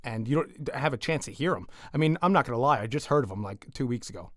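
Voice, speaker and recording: A man's voice: medium pitch, animated, fast, fairly bright tone, no echo. A podcast co-host with a mid-range male voice, telling anecdotes in an easygoing, laid-back way. The recording is dry and close to the mic. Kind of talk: casual chat.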